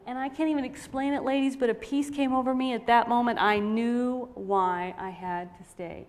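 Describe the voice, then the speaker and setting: Animated woman telling a story in a reverberant hall. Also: fairly high pitch, normal speed, hardly any pauses. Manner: animated, expressive storytelling with laughter. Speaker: speaker sharing a personal testimony. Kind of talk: storytelling to a women's audience.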